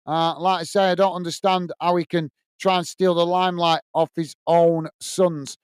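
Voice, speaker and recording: A man with a high, smooth and clear voice hosts a live football watch-along in a dry, close sound. He chats in a blunt, opinionated way and answers viewer comments one by one. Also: level tone, moderate pace, no echo. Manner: chatty, reads viewer comments aloud and answers them. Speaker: host.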